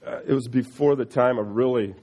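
A middle-aged man with a husky, slightly breathy voice tells his personal faith story at an ordinary, mid-range pitch. He speaks earnestly and haltingly, with frequent restarts and repeated words. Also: warm tone. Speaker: speaker sharing a personal testimony.

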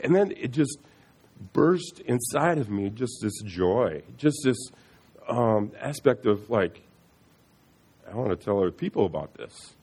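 A middle-aged man sharing a personal faith testimony in an earnest, halting way, often restarting and repeating words. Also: on the low side, big pitch swings, a little mellow, slightly rough.

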